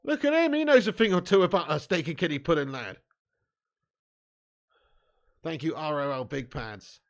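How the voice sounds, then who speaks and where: A man's voice: fairly high pitch, animated, normal speed, vocal fry. A man, live-streaming a football watch-along, chatting with viewers in laddish, sweary banter and laughing often. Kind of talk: live stream chat and match commentary.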